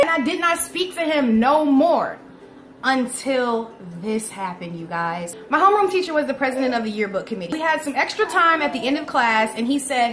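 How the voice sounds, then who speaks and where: A woman in her twenties, a vlogger telling a storytime, animated and profane, who keeps calling her viewers y'all. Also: high voice, normal speed. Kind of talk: casual storytime. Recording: echoey room.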